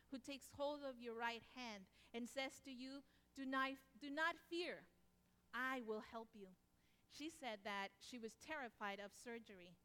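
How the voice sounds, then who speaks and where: Expressive woman preaching in an echoing hall. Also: fairly high pitch. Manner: expressive, swings from loud to hushed. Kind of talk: sermon with personal stories. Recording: long hall reverb.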